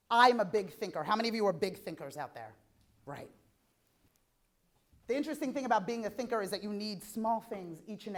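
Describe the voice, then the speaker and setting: A woman in her thirties, an animated keynote speaker giving a motivational talk at a conference, often checking in with "right?". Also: on the high side. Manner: animated, repeats "right?" to the audience. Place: conference hall.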